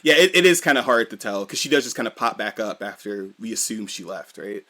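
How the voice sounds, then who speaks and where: A man co-hosting a podcast, recapping a story in relaxed, animated talk and swearing casually. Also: fairly low pitch. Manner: animated recap that slips into quick character voices, swears freely. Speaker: podcast co-host. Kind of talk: casual chat.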